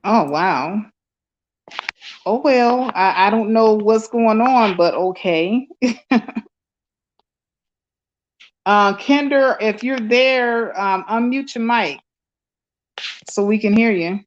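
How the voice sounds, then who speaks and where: Woman host, casual live call-in stream, effusive and halting, muffled lo-fi sound. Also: on the high side. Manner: effusive, many fillers and restarts. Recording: dull lo-fi stream audio.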